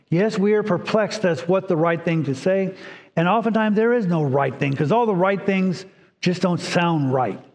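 A man's voice: on the high side, a little mellow. A man preaching a sermon as pastor, telling stories in an earnest, reflective way. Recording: long hall reverb.

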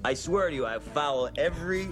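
A man's voice: on the high side, animated, a little fast, music in the background, natural voice. An actor with a Chicago accent playing a drunk man at a party, pleading and taunting as he begs to be hypnotized.

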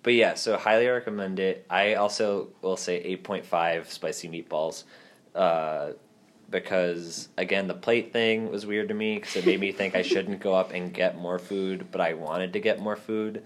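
Low-voiced joking male podcast host. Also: fairly even intonation, moderate pace. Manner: joking, rambling, laughs often. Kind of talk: casual podcast chat.

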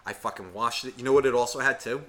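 A man's voice: medium pitch, fast, pushed and bright. A man, a podcast co-host telling a long, profane, rambling story. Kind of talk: casual storytelling.

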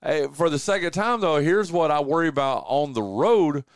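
A man's voice: a little high, expressive, normal speed, clear, resonant tone, no echo. A man hosting a radio show, chatting casually and emphatically about sports from a studio. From southwestern Virginia. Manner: emphatic, says "dude" often. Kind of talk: casual sports talk chat. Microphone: studio mic.

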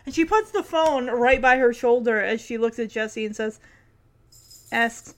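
High-voiced woman chatting through a recap. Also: lively intonation, moderate pace, bright, forceful tone. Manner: chatty, laughs often, acts out lines from the scenes. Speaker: podcast host recapping a sitcom episode. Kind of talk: casual episode recap commentary.

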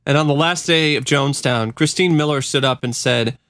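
Guy co-hosting a podcast, casual and earnest, mid-pitched, dry recording. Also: steady tone, moderate pace, hardly any pauses, a bit bright, no echo. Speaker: podcast co-host. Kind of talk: casual chat and storytelling.

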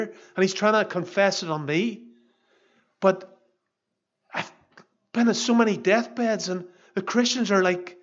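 A man's voice: sits high, highs cut off. A pastor in his fifties preaching an earnest, emphatic sermon. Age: 50s.

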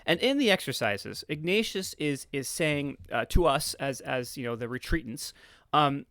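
A man's voice: a little high, expressive, normal speed, fairly bright tone, dry recording. Man, Philadelphia accent, podcast guest, earnest, stammering repeats, dry close mic. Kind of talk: explaining in casual conversation.

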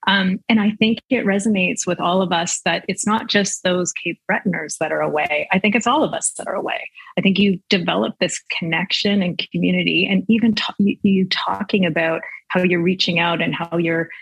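Woman podcast host, from saskatchewan, gravelly and husky, dry close sound. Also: fairly low pitch, steady tone, fairly quick, dry recording, low-quality recording. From Saskatchewan, Canada. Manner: earnest, restarts often. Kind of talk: conversational interview.

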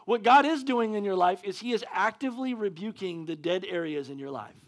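A male preacher giving a sermon, excitable and often stumbling over restarts. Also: high voice, fairly quick, few pauses.

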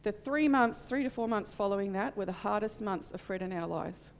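A woman's voice: medium pitch, lively intonation, brisk, long reverb tail, slight background noise. A middle-aged woman preaching in church, telling a personal testimony in an earnest, heartfelt way. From Australia. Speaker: church speaker.

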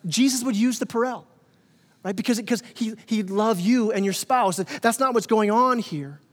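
A man's voice: sits high, moderate pace. A man preaching a sermon as pastor, conversational and playful, now and then acting out voices of the people in his story. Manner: conversational, playful, acts out quoted characters. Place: church sanctuary. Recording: long hall reverb.

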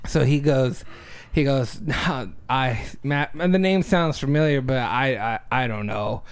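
A man co-hosting a podcast, telling a personal story with lively acted-out dialogue and frequent laughter. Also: mid-range voice, measured pace, clean tone. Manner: animated storyteller, acts out dialogue, laughs often. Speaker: podcast co-host. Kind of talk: casual chat.

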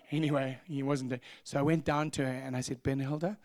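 A man preaching a sermon as pastor, telling stories in an animated way and acting out voices. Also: medium pitch, normal speed, no echo, studio quality. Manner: animated, acts out voices, laughs at own stories. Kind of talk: sermon storytelling.

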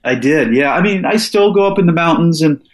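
A man's voice: a little high, lively intonation, brisk, reverberant, poor audio. An older man from Alaska, a podcast guest telling a story with plenty of restarts. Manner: earnest, lots of restarts. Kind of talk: casual storytelling interview.

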